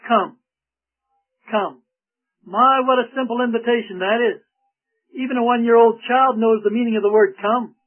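A man preaching a radio sermon in an earnest, emphatic manner. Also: very high voice. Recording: tinny lo-fi radio broadcast.

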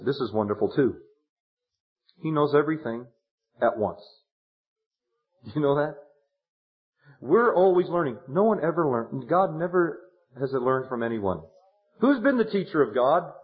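A man preaching a sermon, retelling a counseling story, animated and swinging from hushed words to loud exclamations. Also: a little high. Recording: dull lo-fi sermon tape.

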